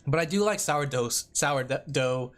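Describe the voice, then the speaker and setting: A woman streamer chatting casually and rambling with lots of fillers, excitable and quick to laugh. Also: extremely low pitch. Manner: excitable, breaks into laughs and shouts. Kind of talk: casual live-stream chat.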